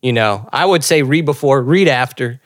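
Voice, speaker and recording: A man's voice: mid-range voice, animated, normal speed, dry recording, clean studio sound. A man in a casual chat, rambling and laid-back, swearing and laughing often. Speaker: podcast co-host.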